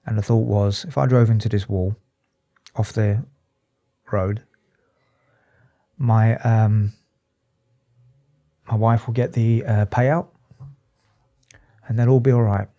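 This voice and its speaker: A man, a psychotherapist, talking candidly and emotionally in an interview, halting and restarting often. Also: fairly low pitch, fairly even intonation, warm tone, dull audio. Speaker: psychotherapist and addiction specialist, guest.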